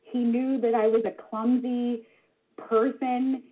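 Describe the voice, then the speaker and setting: A woman in her forties, a regular contributor, telling a funny personal story in an animated, self-deprecating way. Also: on the high side, takes it slowly. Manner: animated, self-deprecating, with vivid sound words. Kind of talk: personal anecdote told to listeners. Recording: tinny phone-line sound.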